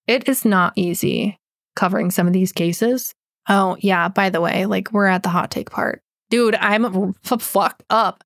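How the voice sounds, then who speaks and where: This true crime podcaster's medium-pitched voice moves at a measured pace, captured in a dry, studio-quality recording. She narrates and then rants off-script in the outro, blunt and heavily profane, noting that she's losing her voice.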